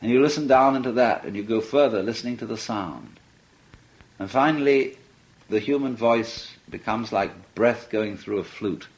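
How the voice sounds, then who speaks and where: A man's voice: medium pitch, moderate pace. A man giving a reflective philosophy talk, musing and playful, often laughing as he speaks. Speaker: philosophy lecturer. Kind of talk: reflective archival lecture.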